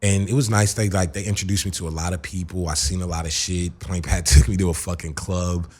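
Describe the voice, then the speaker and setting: A man with a deep, husky voice tells a long story in a radio studio. He rambles through it, swearing freely and restarting sentences as he goes. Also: steady tone, a little fast, a little mellow. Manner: rambling, profane, with frequent restarts and fillers. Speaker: interview guest. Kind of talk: casual storytelling.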